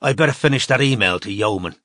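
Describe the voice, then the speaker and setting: A man voicing a gruff, impatient male detective on crutches who talks bluntly, in a dry audiobook recording. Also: on the low side, fast, fairly bright tone, no echo, natural voice.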